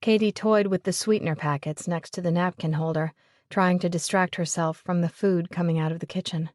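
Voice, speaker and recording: A woman narrating a romance audiobook in an even, measured way. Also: fairly low pitch, dry recording, studio quality. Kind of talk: scripted narration of a romance novel.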